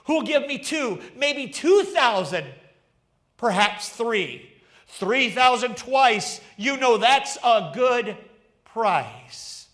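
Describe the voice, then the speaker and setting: A preacher puts on a loud, pushy auctioneer, his voice pitched high and drawn out slowly as he calls for bids. The calls rise eagerly from one number to the next. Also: heavily acted. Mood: calling bids. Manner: calling out bids with rising excitement.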